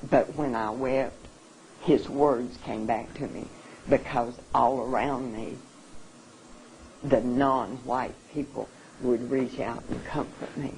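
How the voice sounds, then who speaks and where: Slow, halting, emotional seminar speaker. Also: mid-range voice, fairly even intonation, a little mellow, a little hiss or hum, poor audio. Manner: halting and earnest, often restarting; openly emotional. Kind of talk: emotional public talk. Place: seminar room.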